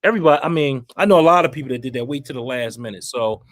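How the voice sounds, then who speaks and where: A man hosting a casual live stream, laid-back and quick to laugh, reading out viewer comments. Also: medium pitch, no echo, studio quality.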